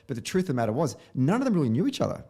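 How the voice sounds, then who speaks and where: A man's voice: mid-range voice, very animated, racing, warm tone, slightly rough. A man hosting a podcast, giving a blunt, opinionated film review in casual chat, sometimes swearing. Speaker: podcast host.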